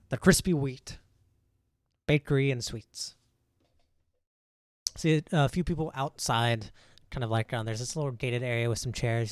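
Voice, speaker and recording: A man narrating a tabletop game as game master in a relaxed, filler-heavy way. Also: mid-range voice, no echo.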